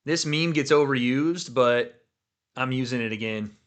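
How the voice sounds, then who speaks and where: A man hosting a livestream watch party, chatting casually and excitably, swearing freely as he reacts. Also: medium pitch, unhurried. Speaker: livestream host.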